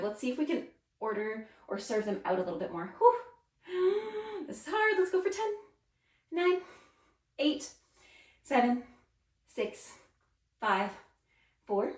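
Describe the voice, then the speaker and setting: Woman counting a ballet arm workout. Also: mid-range voice. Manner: counts beats aloud, encouraging and upbeat. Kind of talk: follow-along workout instruction. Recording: roomy sound, mic set at a distance.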